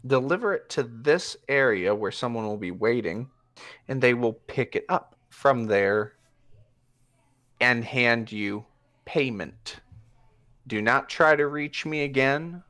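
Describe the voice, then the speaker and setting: A man voicing a secretive masked male criminal contact who speaks in a measured, deliberate way. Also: mid-range voice, animated, a bit bright. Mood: guarded.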